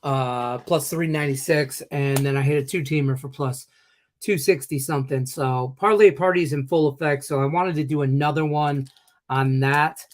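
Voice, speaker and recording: A man's voice: on the high side, steady tone, normal speed. A man in his forties hosting a sports betting show in an upbeat, joking way with rambling asides, hiccuping now and then. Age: 40s. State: has the hiccups. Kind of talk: casual live show hosting.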